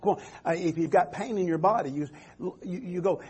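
Husky-voiced preaching man. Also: high-pitched, fairly quick, few pauses, darkish tone. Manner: preaching with call-and-response "Amen" and "Come on", stammering restarts. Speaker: pastor. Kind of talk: sermon. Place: church sanctuary.

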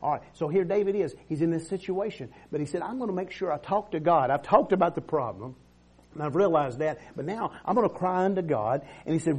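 Middle-aged man, pastor preaching with call-and-response energy; voice sits a bit high. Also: lively intonation, moderate pace, darkish tone, breathy edge. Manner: preaching with call-and-response, frequent amens and restarts. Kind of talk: sermon.

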